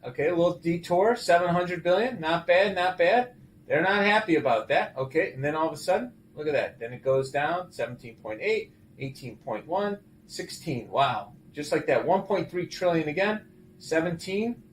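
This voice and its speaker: A middle-aged man hosting casual market commentary, animated and exclaiming as he walks through figures. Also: fairly high pitch, moderate pace, a little hiss or hum. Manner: animated, exclaiming and laughing at the numbers. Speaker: show host.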